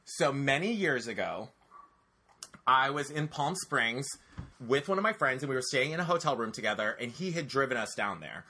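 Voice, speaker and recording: A man telling a personal story on a casual podcast, animated and profane, talking straight to his listeners. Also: medium pitch, normal speed, a little hiss or hum.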